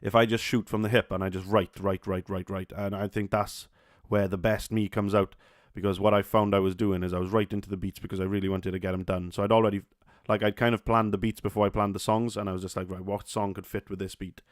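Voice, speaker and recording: A man's voice: on the low side, little pitch movement, fast talker, few pauses, dry recording, studio quality. A young man with a Welsh accent hosting a solo podcast, talking casually with many fillers, restarts and swear words. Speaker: podcast host.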